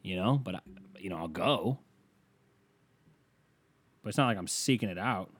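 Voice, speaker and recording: A man's voice: deep voice, animated, moderate pace, a bit bright, breathy edge. A man doing a rambling, profane stand-up rant, talking casually and losing his thread at times. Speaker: comedian.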